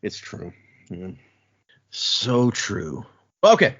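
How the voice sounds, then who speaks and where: A man's voice: on the low side, wildly swooping pitch, extremely slow, breathy edge. A man co-hosting a podcast, chatting casually about a book, laughing often and retelling scenes. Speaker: podcast co-host. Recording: dull lo-fi audio.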